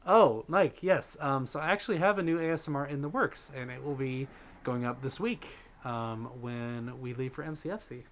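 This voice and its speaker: Talking at normal speed in a middle pitch, a man hosts a livestream and chats casually with his viewers, reading their messages and thanking donors. The feel is loose and unscripted, and he's very chatty, full of relaxed ums and likes.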